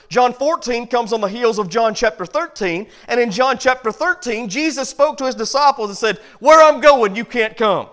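High-voiced preaching man. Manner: builds from low quiet passages to loud emphatic points. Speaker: pastor. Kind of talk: sermon.

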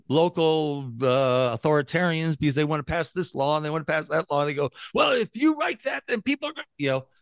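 A man's voice: a little high, dry recording. A man speaking as an interview guest, emphatic and restarting often, close to the mic in a dry room. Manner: emphatic, many restarts, mocks opponents in quoted voices. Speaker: guest, libertarian activist. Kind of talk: animated interview talk.

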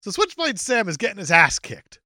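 A woman's voice: medium pitch, sing-song, normal speed, sharp tone, no room sound, clean studio sound. A woman co-hosting a podcast, reviewing a movie in casual, sarcastic chat, often dropping into mock voices. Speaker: podcast co-host.

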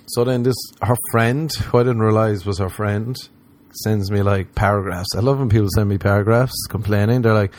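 An Irish man doing stand-up comedy, rambling through profane stories and mocking people in put-on high voices. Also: fairly even intonation, normal speed, darkish tone. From Ireland.

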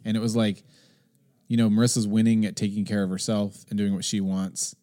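A man in his thirties on a podcast, telling a story in casual chat and acting out the other people in high voices. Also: little pitch movement, a little fast, mellow. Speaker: podcast co-host.

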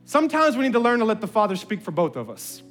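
A middle-aged man preaching a sermon, telling animated personal stories with humor. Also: sits high, fast talker, soft background music. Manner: animated storyteller, jokes and voices family members. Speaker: pastor. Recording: reverberant hall.

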